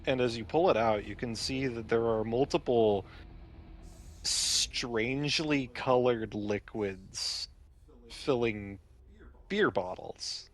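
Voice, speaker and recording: A man running a tabletop role-playing game, narrating the scene in a measured way. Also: medium pitch. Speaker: storyteller.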